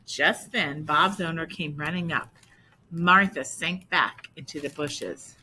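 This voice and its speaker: A woman reading a picture book aloud slowly, adding explaining asides to listeners. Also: low-pitched, sharp tone, husky, poor audio. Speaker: storybook reader.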